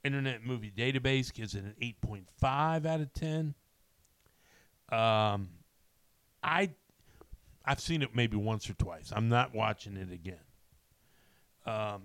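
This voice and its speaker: A man's voice: lowish voice, expressive, a little slow, fairly bright tone, no room sound. A middle-aged man hosting a casual movie chat, rambling with many ums and restarts. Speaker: podcast host.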